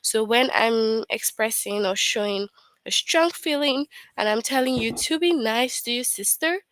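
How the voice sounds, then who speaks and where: A woman's voice: fairly high pitch, a little slow, a bit bright, no room sound, low-quality recording. A woman teaching an online grammar lesson to young children, patient and repetitive, often checking in with questions.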